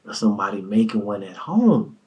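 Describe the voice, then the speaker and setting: A man imitating a laid-back male friend who drawls slowly and quietly in a low, hushed way. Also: sing-song, husky, full character voice. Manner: drawling, hushed, matter-of-fact.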